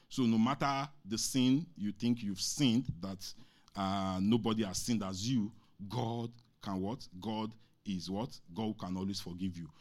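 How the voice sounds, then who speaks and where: A man preaching a sermon, reading scripture slowly, asking the congregation questions and pausing on many fillers. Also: lowish voice. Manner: asks the congregation questions and lets them answer; halting, many fillers and restarts.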